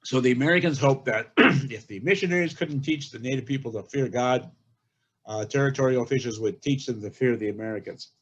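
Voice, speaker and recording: An older man giving a webinar talk from home, explaining carefully with many pauses and fillers. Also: medium pitch, husky. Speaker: guest speaker. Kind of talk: webinar lecture. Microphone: home computer mic on a video call. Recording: dull lo-fi call audio.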